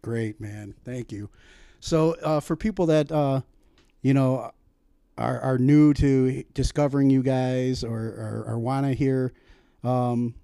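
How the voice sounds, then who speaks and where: A man hosting a radio show, interviewing a guest in an easygoing, halting way with many fillers. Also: medium pitch, steady tone, warm tone, clear, resonant tone, no echo, studio quality. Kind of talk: casual interview chat.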